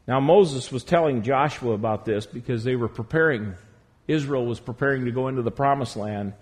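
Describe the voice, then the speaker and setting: A man preaching a sermon to a congregation in a church, emphatic, drawing out key words slowly. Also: mid-range voice, a little mellow. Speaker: pastor.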